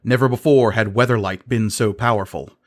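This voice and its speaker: A man narrating a fantasy audiobook in a measured, dramatic reading style. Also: fairly low pitch, fairly even intonation.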